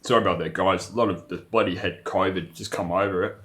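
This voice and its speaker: A man's voice: deep voice, fairly even intonation, quick pace, a bit bright. A young man, rambling through a profane, casual vlog monologue full of restarts. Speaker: vlogger.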